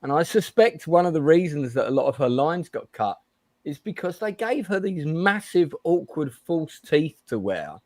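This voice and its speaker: A man's voice: fairly high pitch, moderate pace, no room sound. Guy hosting a chat show, blunt and rambly, um-ing a lot, dry close sound. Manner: blunt, animated ranting with fillers and restarts. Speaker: host. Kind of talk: casual chat.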